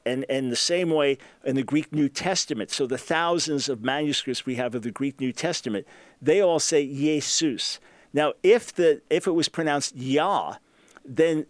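A man's voice: medium pitch, dry recording. A man hosting a radio talk show, answering a listener's question with emphatic, scholarly explanation.

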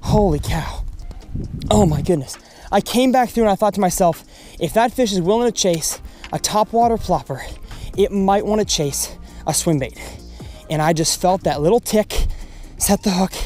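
A man's voice: sits high, lively intonation, normal speed, a little mellow, soft background music. A young man narrating his own fishing trip outdoors on a river, exclaiming and repeating phrases as he goes. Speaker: fishing vlogger. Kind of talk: excited fishing vlog commentary.

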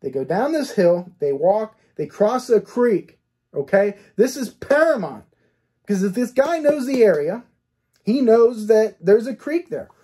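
In his case analysis commentary, a male cold case detective works through the evidence one step at a time, posing rhetorical questions and checking in with "okay?". He speaks unhurriedly in a high, very animated, warm voice with a breathy edge.

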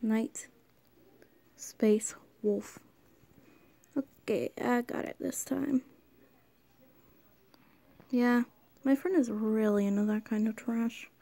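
A woman with a high, mellow voice talks through her screen in a slow, rambling way. Every so often her voice drops to a hushed whisper as she scrolls and clicks, and she keeps the tone offhand and chatty. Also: fairly even intonation. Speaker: channel host. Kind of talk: casual screen-scrolling commentary.

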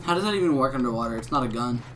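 A man's voice: medium pitch, lively intonation, racing, poor audio. A man co-hosting a casual let's play, teasing his partner with dry jabs and laughing often. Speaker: gaming channel co-host. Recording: game music behind the voice.

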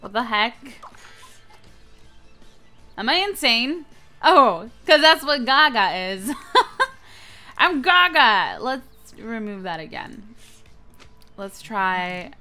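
A young woman hosting a gaming channel, giving excitable, playful let's-play commentary with frequent squeals and giggles. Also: a little high, extremely slow, long pauses, soft background music.

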